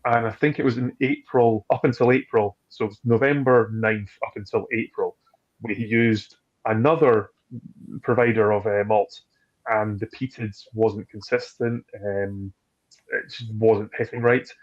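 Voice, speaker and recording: A man chatting casually as a distillery guest, telling rambling, animated stories and acting out what others said. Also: on the low side, unhurried, highs cut off. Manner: rambling, animated storytelling with acted-out quotes. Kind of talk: casual chat.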